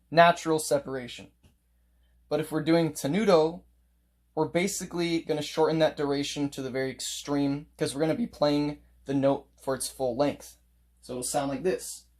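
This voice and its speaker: A man's voice: fairly high pitch, fairly even intonation, normal speed, a little mellow. A man teaching a casual music lesson, explaining note markings step by step and playing examples on his instrument.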